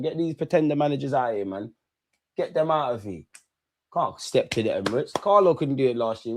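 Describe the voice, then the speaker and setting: Watching the game along with his audience, a young football fan delivers slang-heavy live commentary in a fairly high, somewhat mellow voice, saying the same phrases again and again.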